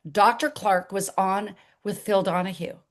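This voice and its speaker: An older woman as an interview guest, telling her story in an animated way and acting out the dialogue. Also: mid-range voice, measured pace.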